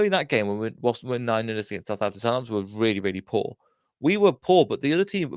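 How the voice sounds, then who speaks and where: A man's voice: medium pitch, no echo, clean studio sound. A young man from England, host of a fan channel, rambling through a casual solo match review with many restarts and acted-out quotes.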